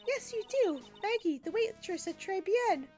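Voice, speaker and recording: A woman's voice: very high-pitched, expressive, moderate pace, a little mellow, faint music behind, pitched above the performer's own voice. A woman voicing a perky young girl sidekick in a game dialogue read aloud, eager and chirpy. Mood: indignant.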